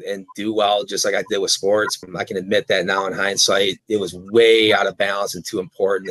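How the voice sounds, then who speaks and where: A man's voice: medium pitch, fairly bright tone, dry recording, poor audio. A middle-aged man talking earnestly in an interview, rambling a bit and repeating words as he restarts. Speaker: guest, car dealership owner. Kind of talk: casual interview talk.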